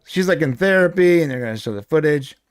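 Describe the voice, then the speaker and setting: A man's voice: fairly high pitch, lively intonation, quick pace, clear, resonant tone, no room sound. A man co-hosting a pop culture show, chatting casually about a TV episode. He rambles and jokes, restarting his sentences as he goes. His voice is close to the mic, with almost no room sound. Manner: rambling, jokey, many restarts. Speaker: podcast co-host.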